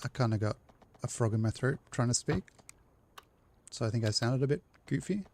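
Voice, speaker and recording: A man's voice: mid-range voice, animated, normal speed, darkish tone, a little hiss or hum. A man live-streaming a city-building game, chatting casually and rambling to his chat while he plays.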